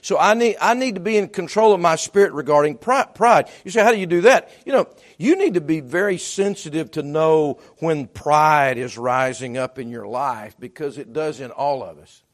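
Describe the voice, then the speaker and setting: A man preaching a sermon as pastor, talking conversationally with repeated restarts, swinging between loud bursts and hushed asides. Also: fairly high pitch, animated, moderate pace, few pauses.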